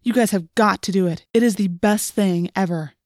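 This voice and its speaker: A woman's voice: medium pitch, normal speed, darkish tone, no echo, clean studio sound, natural voice. A woman voicing an earnest teenage boy who talks eagerly about flying, read as part of an audiobook. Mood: excited. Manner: enthusiastic, earnest. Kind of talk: audiobook reading.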